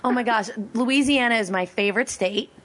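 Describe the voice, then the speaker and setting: A woman's voice: fairly high pitch, moderate pace. A woman from Pennsylvania hosting a casual interview, bubbly and gushing, laughing often. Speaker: show host.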